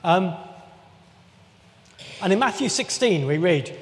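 A man preaches in a relaxed, chatty way, tossing in jokes and circling back to restart his thoughts. His voice sits high for a man, and it carries the long reverb of a church hall. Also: unhurried. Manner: chatty, jokey asides, frequent restarts. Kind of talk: conversational sermon with a map.

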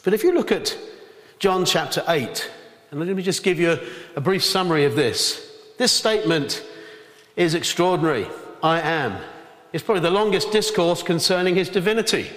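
Male preacher, emphatic sermon delivery, higher voice, roomy reverberant church. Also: animated, a little fast, fairly bright tone. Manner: earnest, emphatic, dramatizes scripture quotes. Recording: reverberant hall.

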